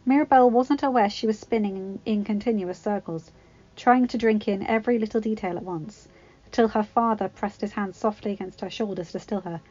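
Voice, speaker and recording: A woman reads a story aloud in a plain, steady voice of middle pitch. The recording is a little dull and lo-fi. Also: a little fast. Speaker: fanfiction reader.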